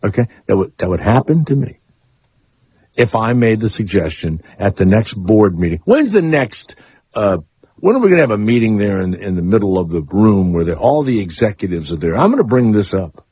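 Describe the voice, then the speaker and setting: A man's voice: big pitch swings, normal speed, dark tone, breathy edge, no echo. A man hosting a radio talk show, rambling through comic stories in a sarcastic way and taking calls in a studio. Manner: rambling, sarcastic, swings up high for emphasis. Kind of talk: comic radio monologue and call-in chat. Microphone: studio microphone.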